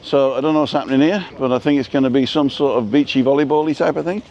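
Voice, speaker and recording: A man's voice: mid-range voice, quick pace, darkish tone, muffled recording. A man hosting a casual live stream while walking outdoors through a seaside town, chatting and reading out viewers' names. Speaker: vlogger host.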